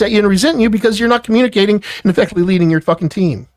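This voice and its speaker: A man's voice: high-pitched, very fast, hardly any pauses, darkish tone, dry recording. An angry man lecturing an employee in a heated work argument, swearing constantly. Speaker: business owner confronting an employee.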